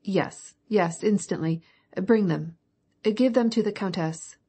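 A woman's voice: mid-range voice, slow pace, mellow, breathy edge. A woman reading an audiobook voicing a jovial, blustering old count. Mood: hearty. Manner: hearty, blustering. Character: jovial grey-haired old count, indulgent husband.

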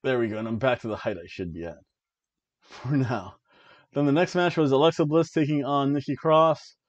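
Sitting in an old chair at home, a man hosts a casual wrestling review podcast, rambling and laughing at his own jokes. His mid-range voice keeps a moderate pace, and the sound is lo-fi.

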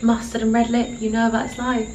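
Young British woman, bubbly chatty vlogger, slightly high voice, a bit off-mic in an echoey room, faint crickets behind. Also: completely flat delivery, quick pace, a little mellow, recorded from a distance, a little hiss or hum. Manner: bubbly, chatty, keeps saying cute. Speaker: fashion vlogger. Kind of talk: casual outfit vlog. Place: holiday room with insects outside.

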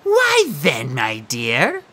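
A woman's voice: wildly swooping pitch, drawn-out words, pushed and bright, husky, full character voice. Woman voicing a fussy sphinx quizmaster. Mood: menacing. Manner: prim, snappish, high and drawn out.

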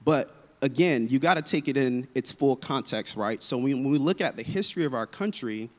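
Man, pastor in a panel; measured and explanatory, mid-pitched, long hall reverb. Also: lively intonation. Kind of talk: panel discussion.

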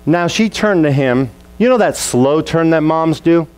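A man preaching a sermon as a pastor, telling a childhood story and acting out the family scenes in lively voices. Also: a little high, measured pace, clear, resonant tone, poor audio.

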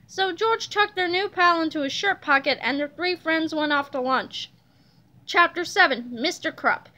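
High bright lady reading a kids book out loud, lively. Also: normal speed. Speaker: reader. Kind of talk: reading a children's book aloud.

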